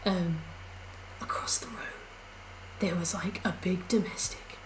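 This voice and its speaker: A woman's voice: lowish voice, unhurried, background noise. A young woman chatting casually on a live stream while she plays, rambling through stories with lots of fillers.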